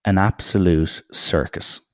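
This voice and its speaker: A young man talks through a solo podcast episode in a low, gravelly voice. His delivery rambles and stays irreverent, and he swears freely. The sound is dry and close, with little room around it. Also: fairly even intonation, measured pace, dry recording. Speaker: podcast host.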